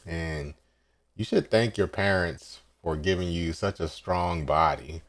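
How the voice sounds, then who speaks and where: A man's voice: sits low, takes it slowly. A man hosting a casual live manga reaction, recapping scenes and quoting characters with laughs.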